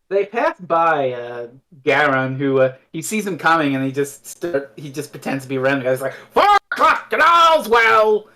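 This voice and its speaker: A man's voice: mid-range voice, moderate pace. A man co-hosting a podcast, recapping an episode in casual chat and briefly acting out the characters. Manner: animated, acts out characters mid-recap. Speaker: podcast co-host.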